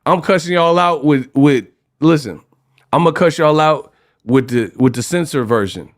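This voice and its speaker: A man from California hosting a livestream, ranting casually in an animated, slangy, joking way. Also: a little high, normal speed. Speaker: host.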